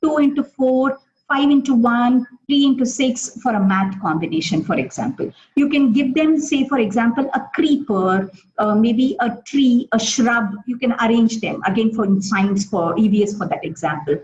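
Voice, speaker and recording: A woman's voice: fairly high pitch, normal speed, darkish tone. Indian English woman teaching teachers, lo-fi call. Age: middle-aged. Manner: explains with many examples, frequent fillers and restarts. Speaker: webinar speaker for teachers. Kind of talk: live webinar talk answering questions.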